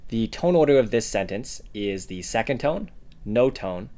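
A man's voice: lowish voice, lively intonation, slow, long pauses. A man co-hosting a podcast lesson, friendly and encouraging, with a few fillers. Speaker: podcast co-host teaching Mandarin.

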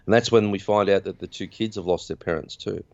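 A man's voice: sits low, fairly even intonation, fast, darkish tone, dry recording, highs cut off. A man hosting a podcast, recapping a film in a chatty, rambling way. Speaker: podcast host. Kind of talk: casual film recap chat.

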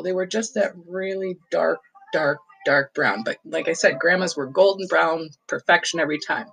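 A woman's voice: fairly low pitch, normal speed, gravelly, breathy edge, poor audio. A woman casually telling a nostalgic family story, rambling with lots of fillers and laughs. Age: adult. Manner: fond, nostalgic recollection.

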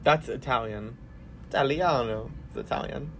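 A man's voice: on the high side, lively intonation, fairly quick, fairly bright tone, slight background noise. A young man co-hosting a podcast in casual chat, rambling and laid-back. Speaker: podcast co-host.

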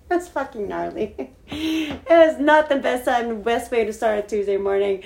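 A woman who lives in Hawaii co-hosts a casual podcast, her voice sitting high, animated and a little mellow at normal speed. She tells a story packed with swearing and acts out her own panic.

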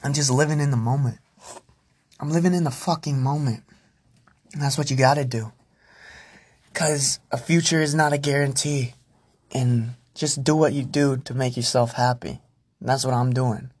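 A man's voice: medium pitch, steady tone, moderate pace, long pauses, darkish tone, slightly rough. A young man hosting a casual solo podcast, rambling and swearing freely as he talks to himself and his listeners. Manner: profane, rambling, self-talking. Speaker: podcast host.

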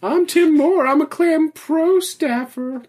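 A man putting on a high, slow voice, impersonating a boastful fisherman who shows off his gear. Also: darkish tone, slight background noise.

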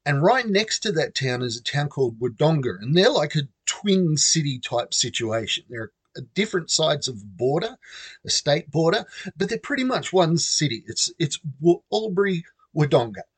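A man with an Australian accent telling a comic personal anecdote, animated and laughing between phrases. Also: on the high side, moderate pace, husky, no room sound. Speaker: storyteller.

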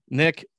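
A man's voice: a little high, a bit bright, slightly rough, no room sound, clean studio sound. A man in his thirties co-hosting a podcast, telling a loose, profane family story with voiced quotes. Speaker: podcast co-host. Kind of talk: casual podcast chat.

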